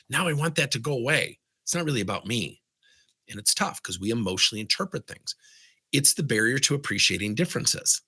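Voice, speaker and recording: A man giving a coaching talk, animated and full of rhetorical questions. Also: mid-range voice, a little fast, slightly rough. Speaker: business coach. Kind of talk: lively coaching talk to camera.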